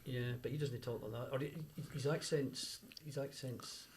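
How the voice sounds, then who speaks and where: A man's voice: medium pitch, fairly even intonation, normal speed, slight background noise. A man from Glasgow with a Glaswegian accent, hosting a casual radio chat, rambling and repeating himself. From Glasgow, Scotland. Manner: rambling, repeats words, steers the talk. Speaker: radio host.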